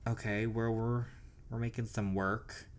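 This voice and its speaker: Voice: medium pitch, a little slow, a little hiss or hum. Gushing story-game commentator. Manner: gushing, chatty, excitable. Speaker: gaming channel host.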